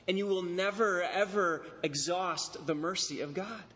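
Pastor, male, high-pitched, emphatic and deliberate; muffled sound with long hall reverb. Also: pushed and bright. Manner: emphatic, repeats key phrases, slows on stressed words. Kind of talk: expository sermon. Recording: dull recording in a reverberant hall.

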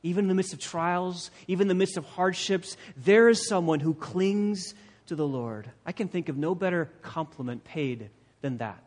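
Speaking at an ordinary pace in a voice that sits high, a pastor preaches an emphatic expository sermon, hammering points home through repetition. The church sanctuary recording carries the long echo of a big hall.

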